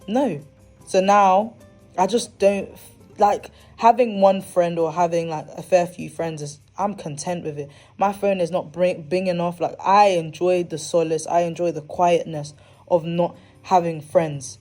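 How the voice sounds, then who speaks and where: Candid young woman with a mellow voice. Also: fairly low pitch, moderate pace, faint music behind. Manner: candid, animated, slangy, with dramatic asides. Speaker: podcast host. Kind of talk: casual monologue.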